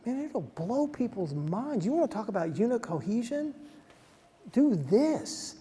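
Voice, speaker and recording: A man giving an energetic talk to soldiers, acting out little conversations, with many "like" fillers. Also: extremely high pitch, unhurried, breathy edge. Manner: animated, acts out dialogue, many "like" fillers. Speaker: motivational speaker. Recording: long hall reverb.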